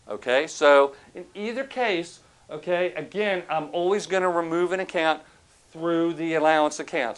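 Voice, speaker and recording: Man teaching a class, slightly high voice, chatty, keeps asking "okay?". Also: a bit bright, clear, resonant tone. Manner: conversational, asks the class questions; tells anecdotes to make a point. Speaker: professor. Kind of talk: recorded accounting lecture.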